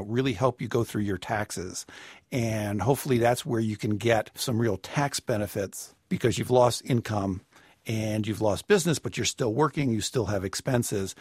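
A man giving personal finance advice on a radio call-in show, measured and explanatory with a wry touch. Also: medium pitch, darkish tone, breathy edge, no echo, studio quality.

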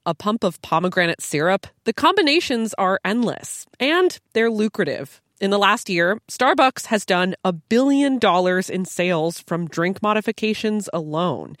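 Woman news reporter, mid pitch, animated, dry studio read. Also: moderate pace, no room sound. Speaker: radio reporter.

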